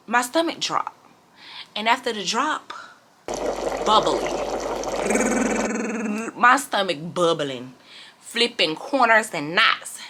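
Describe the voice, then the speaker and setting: Animated woman vlogger, bright voice. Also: mid-range voice, takes it slowly, long pauses, breathy edge. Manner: animated and dramatic, addresses viewers as y'all. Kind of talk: casual storytime chat.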